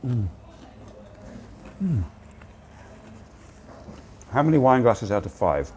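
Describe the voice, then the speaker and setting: A man's voice: medium pitch, sing-song, takes it slowly, mellow, slight background noise. An older man hosting a casual livestream from a cafe, chatting in a rambling way while he eats, recorded on a phone on a gimbal. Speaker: livestream host. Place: cozy cafe, indoors. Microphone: phone on a handheld gimbal.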